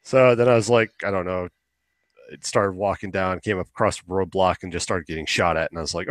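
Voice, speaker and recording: A man's voice: sits low, moderate pace, pauses often, no room sound. A man co-hosting a podcast in casual chat, rambling and swearing casually as he acts out quotes. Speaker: podcast co-host.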